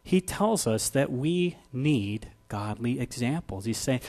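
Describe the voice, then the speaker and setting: A man's voice: medium pitch, expressive, slow, hardly any pauses. A man preaching a sermon in a conversational way, asking the congregation questions. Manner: conversational, builds from quiet to loud. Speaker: pastor.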